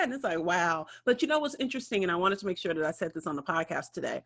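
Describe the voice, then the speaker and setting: A woman co-hosting a podcast, an animated storyteller who acts out what other people said. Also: fairly low pitch, quick pace, few pauses. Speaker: podcast co-host.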